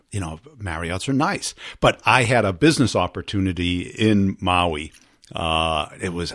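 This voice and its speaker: A man hosting a sales podcast, telling an animated story and acting out both sides of a phone call, then pitching his course. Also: no echo, clean studio sound. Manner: animated storyteller, acts out quotes. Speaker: podcast host.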